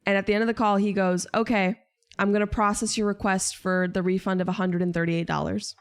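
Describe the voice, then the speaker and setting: A young woman chats casually to her stream audience, venting in a loose, exasperated way with the odd curse word. Her voice sits at an ordinary middle pitch for a woman. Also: level tone, a little fast, clear, resonant tone. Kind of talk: casual chat to stream viewers.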